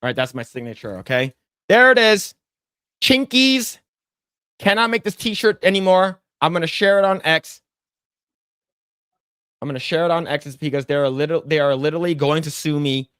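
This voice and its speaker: A man's voice: a little high, normal speed, pauses often, a bit bright, clean tone, no echo, studio quality. A man co-hosting a podcast, chatting casually while he draws, rambling and repeating himself and swearing freely when annoyed. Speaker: podcast co-host. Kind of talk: casual chat while drawing on stream.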